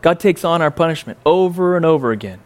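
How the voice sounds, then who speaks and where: A man teaching a Bible story in a casual, conversational way, full of rhetorical questions and fillers, swinging from incredulous highs to quiet reflection. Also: lively intonation, fast talker.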